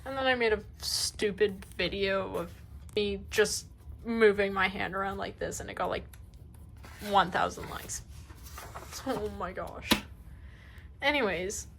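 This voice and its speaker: A woman's voice: mid-range voice, a little slow, creaky, pauses often, a bit bright, slight background noise, rough recording. A woman giving a casual tour of her sketchbook, gushing and rambling, often trailing off into mumbles. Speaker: artist showing her sketchbook.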